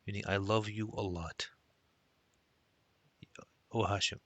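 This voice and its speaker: A man's voice: on the low side, steady tone, slow pace, no echo. A man teaching a recorded language lesson, explaining step by step and mixing Arabic phrases into his English.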